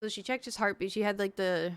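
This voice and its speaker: A woman's voice: medium pitch, fast talker, clear, resonant tone, no room sound. Woman streamer rambling thru a story to chat, lots of likes and ums, dry sound. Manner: chatty storytelling, lots of fillers. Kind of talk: casual chat.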